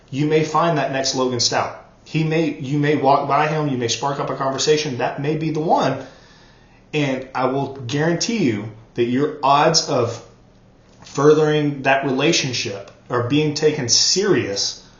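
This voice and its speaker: Man, earnest coaching talk, repeats himself for emphasis, roomy echo, dull lo-fi sound. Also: medium pitch. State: choked up, coughing. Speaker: network marketing trainer. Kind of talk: motivational training talk.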